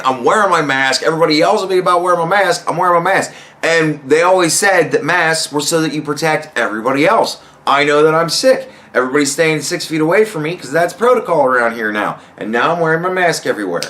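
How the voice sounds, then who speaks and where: A man's voice: fairly high pitch, animated, brisk, sharp tone. A man doing a comic impression of an older male president who indignantly insists on going back to work. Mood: defensive.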